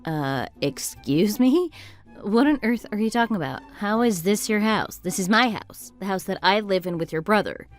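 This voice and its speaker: A woman voicing a level-headed young wife who narrates and argues calmly with her sister-in-law. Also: mid-range voice, normal speed, faint music behind, natural voice. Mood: exasperated. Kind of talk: texting-story voice acting.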